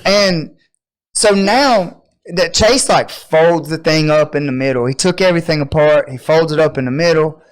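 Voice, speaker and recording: A man on a podcast telling a story in a loose, animated, profane way and acting out the people in it. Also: a little high, moderate pace. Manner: animated, profane, acts out quotes. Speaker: podcast host. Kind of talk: casual storytelling.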